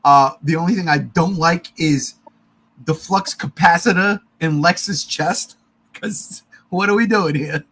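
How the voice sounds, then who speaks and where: A man hosting a casual pop-culture podcast, excitable and swearing freely, often laughing. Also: fairly high pitch, unhurried, breathy edge, poor audio. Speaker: podcast host.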